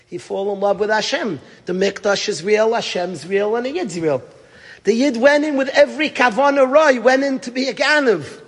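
Brisk and husky, this middle-aged rabbi who teaches at a yeshiva tells a sermon story in a high voice with lively intonation. He stresses points, asks rhetorical questions, and swings from loud to hushed. The recording has a big-room sound.

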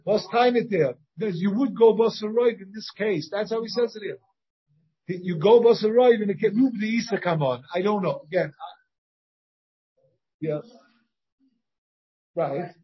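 Speaking at a moderate pace with long pauses, a rabbi teaches an informal Talmud class in a high-pitched, slightly husky voice. He thinks out loud, restarts frequently, and keeps posing questions to his students. The audio is dull and lo-fi, from a shared class recording that's partly over a video call.

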